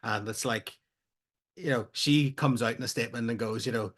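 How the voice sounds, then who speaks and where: A man co-hosting a film podcast, chatting casually with animated opinions and frequent laughter. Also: medium pitch, normal speed. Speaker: podcast co-host.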